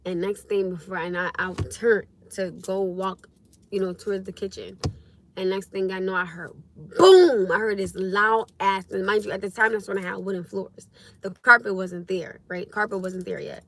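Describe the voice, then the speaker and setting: A young woman hosting a casual livestream, telling stories to her viewers in a lively, expressive way with frequent laughs. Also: medium pitch, normal speed, a little hiss or hum. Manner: animated storytelling, laughs often, acts out her own past speech. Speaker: livestream host.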